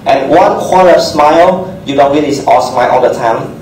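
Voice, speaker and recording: A man's voice: medium pitch, normal speed, darkish tone, a little hiss or hum. A man, a doctor, giving a seminar talk on interview skills in short instructive phrases and calling for the next slide. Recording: roomy echo, distant mic, faint ambience.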